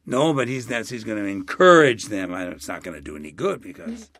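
An older man in a casual interview, speaking in an animated, rambling way with chuckling asides. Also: on the low side, fairly quick. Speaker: interviewee, Latin expert.

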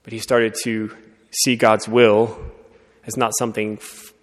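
A man preaching a sermon, telling a story in an earnest, conversational way and often dropping to a soft voice. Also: on the low side, little pitch movement, unhurried. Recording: long reverb of a large hall.

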